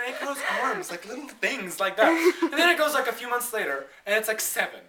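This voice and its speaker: A man's voice: very high voice, very animated, brisk, hardly any pauses. A young man dramatically retelling a film plot, giggling and saying "like" constantly, recorded far off on a noisy home video in an echoey room at home. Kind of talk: animated comic retelling.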